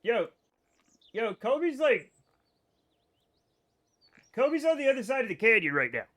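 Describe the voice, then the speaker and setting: A man streaming a space game live, chatting excitedly with his viewers and swearing when things go wrong. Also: extremely high pitch, a little slow. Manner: excitable, swears when frustrated, reads chat aloud. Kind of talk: live gaming stream chat.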